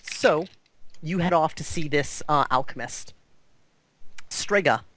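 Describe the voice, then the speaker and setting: Guy gm on voice chat, kinda high voice, lots of um, dry mic. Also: slow pace, fairly bright tone, no echo. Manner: hesitant, many ums while improvising. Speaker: game master. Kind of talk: running a tabletop game over voice chat. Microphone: online voice chat mic.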